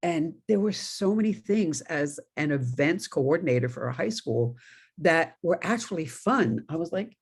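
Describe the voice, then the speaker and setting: A woman's voice: low-pitched, lively intonation, moderate pace, slightly rough. A middle-aged woman minister from New York giving a conversational sermon, telling stories with laughing asides. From New York, USA.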